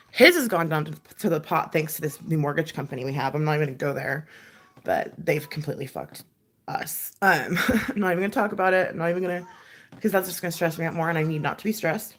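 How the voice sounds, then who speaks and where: A woman's voice: deep voice, bright, forceful tone. A young adult woman hosting a casual livestream chat from home, rambling and swearing with frequent laughs. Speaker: livestream host.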